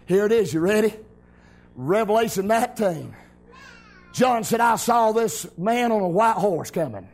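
A man preaching a revival sermon, hollering amens and shouting with exuberant celebration. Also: high voice, expressive, measured pace.

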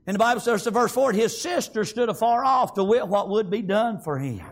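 A preacher, a man, delivering a fervent sermon. His voice sits very high for a man, with a gravelly rasp, and he keeps punctuating his lines with amens. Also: expressive, brisk.

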